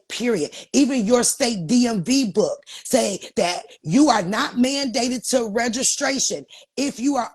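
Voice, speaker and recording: A woman's voice: a little high, slightly rough. A woman hosting a live-stream chat, teaching her viewers in an emphatic, profane way and calling them y'all. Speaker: host.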